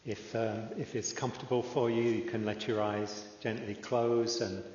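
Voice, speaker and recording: A man leading a guided meditation in a slow, calm way with long pauses. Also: medium pitch, a little hiss or hum. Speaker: meditation teacher. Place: meditation hall. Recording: echoey hall, dull lo-fi sound.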